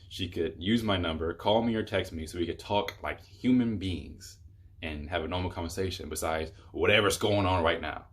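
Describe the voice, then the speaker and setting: A man's voice: deep voice, a bit bright. A young man telling a rambling, exasperated storytime on his vlog, full of fillers. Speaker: YouTuber.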